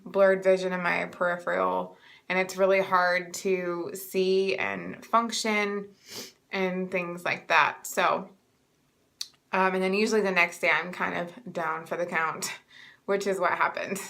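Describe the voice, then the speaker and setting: A woman's voice: fairly low pitch, gravelly, sharp tone. A young woman vlogging a casual pregnancy update to camera, chatty and rambling with many fillers, a little congested and short of breath.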